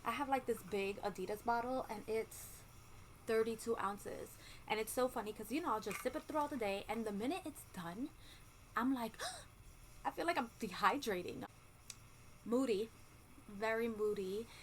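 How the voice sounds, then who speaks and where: A woman gives a casual pregnancy update vlog from a room at home, where a ceiling fan hums faintly. Her slightly high voice moves at a moderate pace on poor audio as she chats candidly with lots of ums and likes and the occasional swear word.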